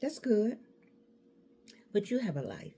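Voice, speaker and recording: Animated woman in her sixties. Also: medium pitch, slow pace, slight background noise. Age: 60s. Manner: animated, repeats words, bursts into laughter. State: toothache. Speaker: speaker addressing an audience. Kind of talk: casual motivational talk.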